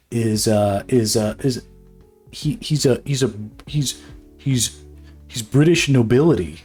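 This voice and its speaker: A man's voice: mid-range voice, darkish tone. Rambling, profane man chatting while drawing. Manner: rambling, profane, laughs often, many fillers and restarts. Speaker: illustrator streaming his drawing. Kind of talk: casual chat while drawing.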